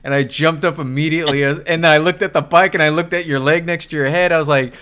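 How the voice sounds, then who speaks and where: A man's voice: fairly high pitch, fairly even intonation, fast, sharp tone, smooth. A young man hosting a podcast, telling a story in casual chat, swearing and laughing, acting out what people said. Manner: laughing, swearing, acts out quotes. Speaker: podcast host.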